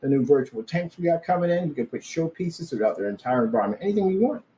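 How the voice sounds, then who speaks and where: Man vlogger, lively swooping pitch, boastful and repetitive rant. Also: fast talker, a little hiss or hum, poor audio. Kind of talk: rambling monologue.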